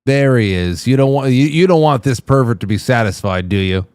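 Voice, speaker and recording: A man's voice: mid-range voice, animated, a little fast, darkish tone, smooth. A man hosting a show, reacting to clips with amused, wry commentary. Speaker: show host. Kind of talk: casual commentary on video clips.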